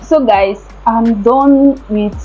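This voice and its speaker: A woman's voice: on the high side, slow pace, muffled recording, music in the background. A young woman, chatting casually and giggly in a home vlog. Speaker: vlogger.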